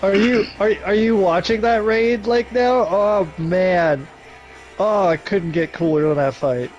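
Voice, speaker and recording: A man's voice: sits high, a little slow, darkish tone, faint music behind. A man chatting casually with friends while gaming, rambling with restarts and laughing often. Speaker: gamer on a group voice chat. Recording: dull lo-fi voice chat.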